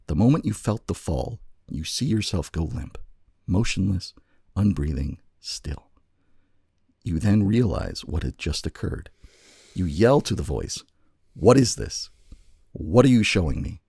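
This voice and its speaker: A man co-hosting a podcast, narrating a choose-your-own-adventure story in a slow, dramatic way. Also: low-pitched, expressive, gravelly, warm tone, slightly rough, dry recording, studio quality.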